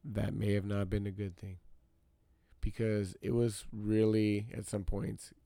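A man's voice: lowish voice, level tone, a little slow, gravelly, warm tone, no echo. A man hosting his own podcast, telling a story as a casual rant, repeating himself for emphasis and talking straight to his listeners. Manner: talks straight to listeners as y'all. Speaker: podcast host.

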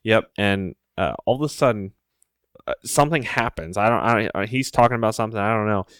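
A man's voice: lowish voice, fast, clear, resonant tone, no room sound, clean studio sound. A young man co-hosting a podcast, telling joking stories in a laid-back, casual way. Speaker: podcast co-host. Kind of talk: casual chat.

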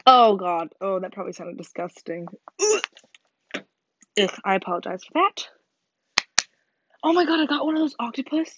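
A woman's voice: medium pitch, animated, a little fast, a bit bright, slight background noise. A teenage girl in a rambling, swearing, self-mocking chat to camera. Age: teens. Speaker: vlogger. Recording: slightly dull lo-fi sound.

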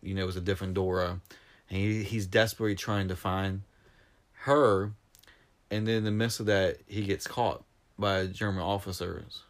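A man's voice: low-pitched, normal speed. Emotional man retelling a film. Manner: animated, emotional storytelling, voice rising when retelling scenes. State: near tears. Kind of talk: casual film discussion.

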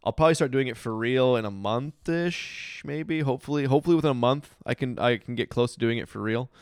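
A man's voice: medium pitch, a little fast, smooth, no echo, studio quality. A man in his thirties hosting a casual solo podcast from a hotel room, a little tipsy and yawning, rambling with restarts and emphatic outbursts. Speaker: podcast host.

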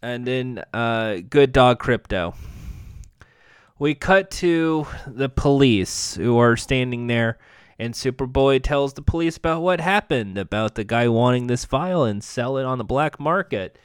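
A man's voice: mid-range voice, unhurried, clean tone, dry recording, clean studio sound. A man casually recapping a TV episode with sarcastic, profane jokes. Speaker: show recap host.

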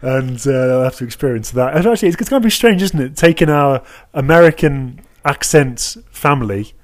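A man's voice: medium pitch, animated, brisk. A young man from the English Midlands with a Black Country accent, co-hosting a podcast in casual, rambling chat full of jokes and restarts. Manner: joking, rambling, with many fillers and restarts. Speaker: podcast co-host.

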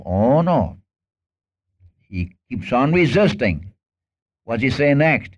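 A man's voice: medium pitch, big pitch swings, slow. A man preaching a sermon in an earnest manner, acting out Bible dialogue as he goes. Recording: dull lo-fi sermon recording.

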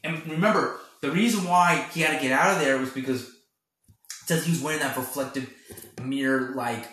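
A man's voice: mid-range voice, brisk, pushed and bright. A man hosting a casual podcast, retelling a film animatedly and laughing often, with many fillers. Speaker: podcast host reviewing a film. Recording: very echoey room.

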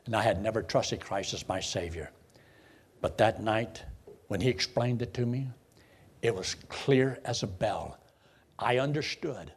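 A man, a preacher telling his conversion story in a folksy way, swinging from loud bursts to hushed lows. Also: measured pace, pauses often, slightly rough. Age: 70s. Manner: folksy storytelling with sudden emotional swells and hushed drops. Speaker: preacher giving his testimony. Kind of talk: sermon testimony.

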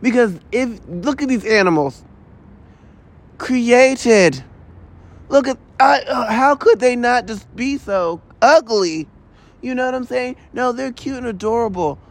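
This solo podcast host has an extremely high, animated voice and keeps a measured pace. He delivers a rambling monologue, a loose, profane and exasperated rant packed with asides.

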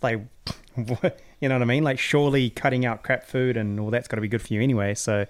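A man's voice: mid-range voice, quick pace. Laid-back New man telling stories. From New Zealand. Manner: laid-back, swears freely, animated storyteller. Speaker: podcast guest. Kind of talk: casual storytelling chat.

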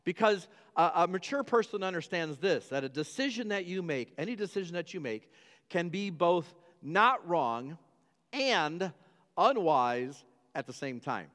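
Male pastor, slightly high voice, insistent repeating delivery, long church reverb. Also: animated, unhurried, a bit bright. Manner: emphatic, repetitive preaching with stumbles and restarts. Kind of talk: sermon.

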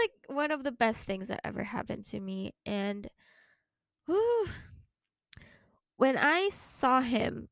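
A young woman from the Philippines, hosting a podcast and telling a personal story in a halting, emotional way with many restarts. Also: a little high, lively intonation, vocal fry, no room sound. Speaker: podcast host.

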